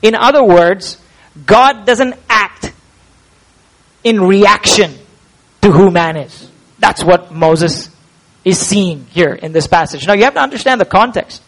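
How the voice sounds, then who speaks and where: A man preaches in a voice pitched well above most men's. He is emphatic, drawing words out to stress the point and putting rhetorical questions to his listeners. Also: lively intonation, a little slow, pauses often, fairly bright tone, low-quality recording. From India. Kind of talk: expository sermon.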